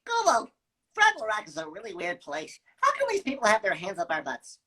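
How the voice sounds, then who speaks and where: A man voicing a young male cartoon Fraggle creature, high and raspy, with a goofy, bewildered way of talking. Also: huge pitch swings, fairly quick, bright, forceful tone, exaggerated voice. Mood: baffled.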